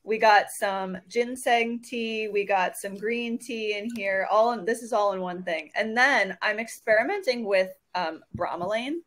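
A woman's voice: mid-range voice, measured pace, hardly any pauses, a bit bright. A woman co-hosting a podcast in casual chat, upbeat and chatty, laughing often. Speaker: podcast co-host.

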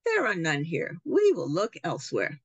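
A proud, wealthy father in a picture book, voiced by a woman reading aloud. He speaks curtly and demands his way, his voice low and slightly breathy in a dry room. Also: wildly swooping pitch, normal speed, dry recording, full character voice. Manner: demanding, curt. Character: rich, haughty, angry father.

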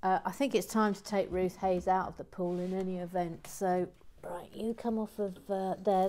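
A woman hosting a casual livestream, reading viewer comments in a playful, chatty way and dropping into quiet muttered asides. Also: on the low side, steady tone, moderate pace, few pauses. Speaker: livestream host building a toy set.

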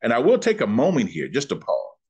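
Husky preaching man, drawl. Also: mid-range voice, huge pitch swings, darkish tone. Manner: preacherly, asks questions and answers them, slows down on scripture. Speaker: pastor teaching a Bible lesson. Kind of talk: sermon-style Bible teaching.

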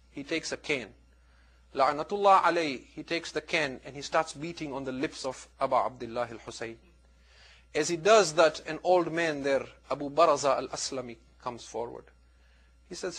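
Husky man preaching a dramatic lecture. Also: fairly high pitch, normal speed, poor audio. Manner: dramatic storytelling, swinging between hushed and loud pleading. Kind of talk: religious lecture narration.

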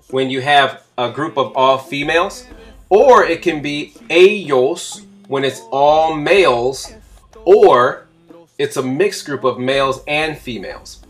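A male teacher giving a slow, patient, step-by-step explanation in a classroom lesson. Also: fairly high pitch. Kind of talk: classroom instruction.

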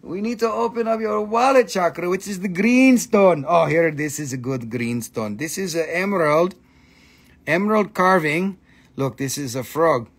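A man's voice: high-pitched, moderate pace, husky. A man hosting a live sale, joking around, chanting and laughing a lot. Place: indoor shop.

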